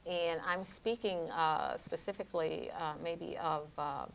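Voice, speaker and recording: An American woman minister in an interview, explaining ideas calmly with everyday examples. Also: on the low side, unhurried, vocal fry, a little hiss or hum. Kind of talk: interview conversation.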